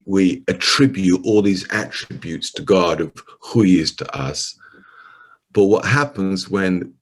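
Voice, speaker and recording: A middle-aged man preaching over a video call, telling a story and often restarting his sentences. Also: low voice.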